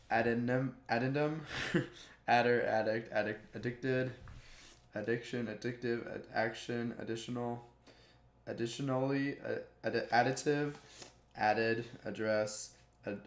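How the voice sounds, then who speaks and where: A man's voice: medium pitch, echoey room. A man reading dictionary words aloud one after another, tripping over hard words and chuckling at his slips. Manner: monotone word list with stumbles and chuckles. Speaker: YouTuber.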